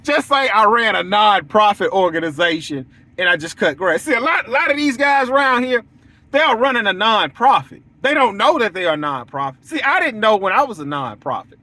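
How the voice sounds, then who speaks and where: A man's voice: high-pitched, big pitch swings, a little fast, pushed and bright, dry recording. A young man who runs a lawn care business, talking straight to his viewers in a blunt, preachy, repetitive way. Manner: preachy, repetitive, blunt, acts out quoted lines. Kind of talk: casual monologue to the audience.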